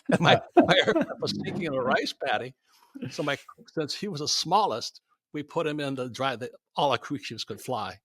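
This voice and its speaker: Older man, guest, animated storyteller, dry close sound, self-amused. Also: mid-range voice, normal speed, no room sound. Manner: lively anecdote teller, laughs at his own stories.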